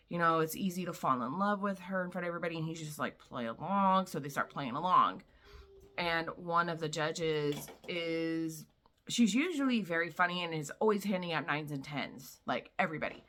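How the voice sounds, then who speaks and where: A woman vlogger casually recapping a novel, chatty and full of "like" and "you know", quietly acting out the characters' lines. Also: on the low side. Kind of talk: casual book summary.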